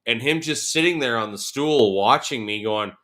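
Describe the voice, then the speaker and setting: With a mid-range voice at normal speed, this forty-something interview-show guest shares casual anecdotes, laughing as he acts out other people's quotes.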